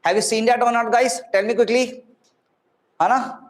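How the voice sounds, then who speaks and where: Brief: man, 30s, Indian accent, high-voiced cheerful online physics teacher, echoey room. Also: steady tone, a little fast. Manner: chatty, encouraging, mixes Hindi words into English. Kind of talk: live online class talking to students.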